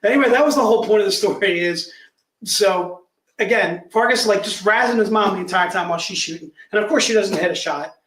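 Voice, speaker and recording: A man hosting a live stream, telling a story in a casual, animated way with restarts and laughter. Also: high-pitched, fast talker. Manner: animated storyteller, repeats words, laughs often. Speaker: host of a live comic publisher stream. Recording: roomy echo.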